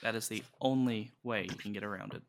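A young man joking crudely and deadpan as a guest in a casual podcast chat. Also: lowish voice, a little fast, a little hiss or hum.

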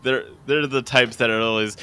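A man's voice: mid-range voice, steady tone, moderate pace, bright, forceful tone, clear, resonant tone. A man co-hosting a casual podcast chat, joking and laughing often. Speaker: podcast co-host.

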